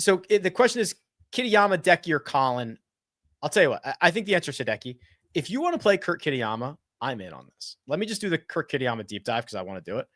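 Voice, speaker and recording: Man host for a casual live chat: lively pitch swings, dry close sound, quick self-corrections. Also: no echo. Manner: animated and chatty, thinks out loud with quick self-corrections. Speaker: host of a golf betting and fantasy live chat. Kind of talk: casual live-stream chat answering viewer questions.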